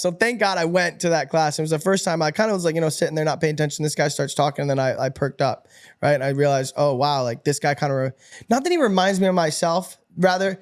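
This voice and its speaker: A young man from upstate New York telling stories as a guest in a casual interview, energetic and animated, laughing and swearing freely. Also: a little high, fast. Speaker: podcast guest.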